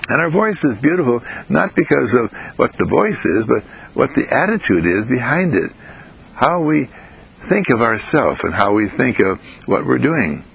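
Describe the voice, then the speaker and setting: A man giving an inspirational self-help monologue, gentle and sing-song, repeating phrases with rising pitch. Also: very animated, normal speed, gravelly, slightly rough, poor audio.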